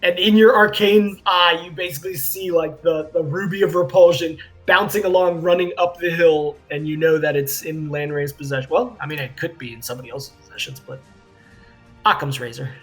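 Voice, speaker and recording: Higher-voiced man running a tabletop game. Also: steady tone, a little fast, fairly bright tone, faint music behind. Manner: loose, conversational, frequent fillers like "like" and "yeah". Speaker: game master.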